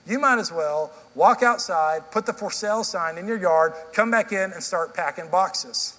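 A man's voice: high voice, moderate pace, sharp tone. A middle-aged man preaching a sermon as pastor, telling stories in a conversational way with frequent restarts. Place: church sanctuary. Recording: long reverb in a large hall.

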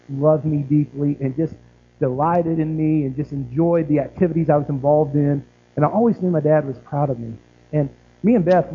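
A man preaching a sermon earnestly, often asking the listeners questions. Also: a little high. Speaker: pastor. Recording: tinny phone-like band.

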